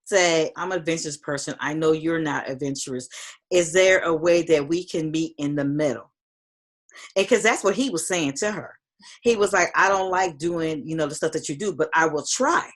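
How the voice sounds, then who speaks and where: A woman with a lowish, husky voice calmly reasons through a reality show's drama in casual chat. Her tone stays steady and thoughtful. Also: normal speed. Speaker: podcast co-host.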